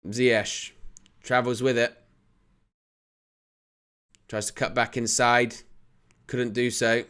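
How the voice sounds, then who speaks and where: Bright-voiced excitable football commentator man. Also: medium pitch, slow pace, smooth. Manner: excitable, rises to shouts at near misses. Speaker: live match commentator and channel host. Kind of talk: live football watch-along commentary.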